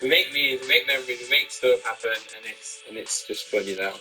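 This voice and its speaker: A quick, bright-voiced man rattles on excitedly, stepping off into little asides as he goes. He sounds slightly away from the microphone, with faint music playing underneath. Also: mid-range voice, far from the mic, rough recording. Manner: excitable, rambling, chatty asides. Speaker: card-opening streamer. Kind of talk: casual chat.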